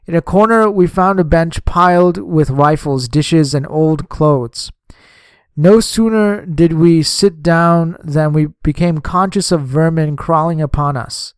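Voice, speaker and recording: Smooth-voiced male audiobook narrator. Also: on the high side, a little slow, no echo, studio quality. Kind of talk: scripted narration of a memoir.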